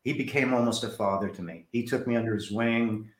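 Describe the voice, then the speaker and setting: A man's voice: fairly low pitch, a little fast, echoey room. A man from New Jersey, an author and director, telling stories from his life in an interview and acting out the people in them. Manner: animated storyteller who acts out quoted voices. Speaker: author and film director, guest. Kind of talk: storytelling interview.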